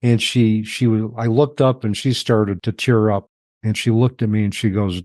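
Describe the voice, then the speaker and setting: Middle-aged man, low voice, dry close sound; reflective, halting interview guest. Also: steady tone, darkish tone, no room sound. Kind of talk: personal storytelling in an interview.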